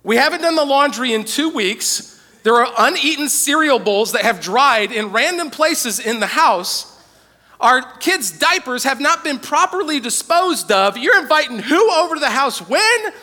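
A frazzled young wife and mother, put on by a male preacher, pitched high and incredulous. She scolds in a bright, sharp tone that rings out with a long church-hall reverb. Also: animated, normal speed, heavily acted. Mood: exasperated.

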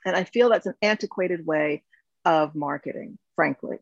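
Reflective woman founder, gravelly voice. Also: on the low side, normal speed, dry recording. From United States. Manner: reflective, many fillers and restarts. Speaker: company founder, guest. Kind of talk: interview. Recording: dull, slightly lo-fi sound.

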